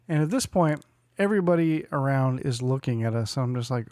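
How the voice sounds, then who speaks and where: A man's voice: medium pitch, brisk, no room sound, studio quality. A man in his forties co-hosting a podcast, telling a story in casual chat, acting out other people's lines and laughing often. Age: 40s. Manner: animated storyteller who acts out quotes and laughs often. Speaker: podcast co-host.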